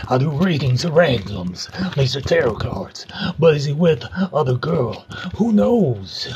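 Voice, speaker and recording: A man's voice: on the high side, lively intonation, unhurried, background noise. A man hosting a live stream, rambling playfully and doing tarot readings for viewers. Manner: playful, rambling, self-mocking.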